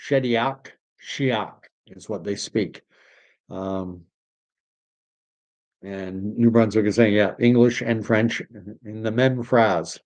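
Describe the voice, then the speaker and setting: A man from Canada chats loosely on a livestream, reading out viewer comments and wandering from topic to topic. His voice sits a little low, and he sprinkles French words into his English. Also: takes it slowly, long pauses, a little mellow. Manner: rambling, reads viewer comments aloud, mixes in French phrases. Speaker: livestream host reading chat. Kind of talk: casual livestream chat.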